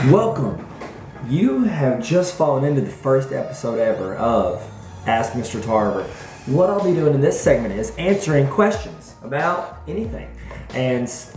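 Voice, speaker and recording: A man's voice: mid-range voice, a little mellow. A young man hosting a casual vlog, goofy and self-mocking as he chats to viewers. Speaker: vlog host. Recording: roomy echoey recording.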